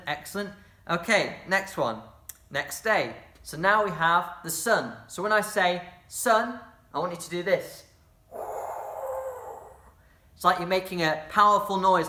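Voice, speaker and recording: A bright, forceful voice leads a children's drama session, calling out actions and praising every attempt. The leader cheers the kids on and throws in playful sound effects. The room gives the voice a noticeable echo. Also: mid-range voice. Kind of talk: instructing children in a movement game.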